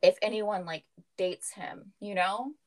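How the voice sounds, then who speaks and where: A young woman co-hosting a casual chat, telling animated stories, swearing freely and laughing often. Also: medium pitch, slow pace, rough recording. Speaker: podcast co-host.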